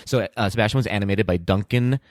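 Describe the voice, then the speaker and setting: A man's voice: on the low side, fast, no room sound, clean studio sound. A man co-hosting a podcast in casual chat, laughing often and sharing fun facts. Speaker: podcast co-host.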